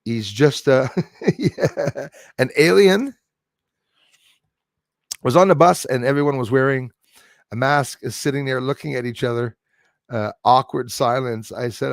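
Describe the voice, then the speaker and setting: A man's voice: medium pitch, measured pace, long pauses, no echo, studio quality. A man hosting a livestream, chatting casually and jokily while answering viewer comments, with frequent chuckles. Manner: rambling, jokey, chuckles often.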